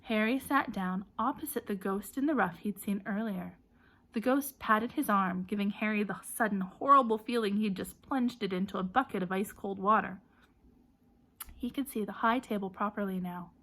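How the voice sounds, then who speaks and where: A woman narrates an audiobook in a bright, forward voice. She reads in a lively way and gives called-out names and shouts plenty of energy. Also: medium pitch, moderate pace. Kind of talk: storybook narration.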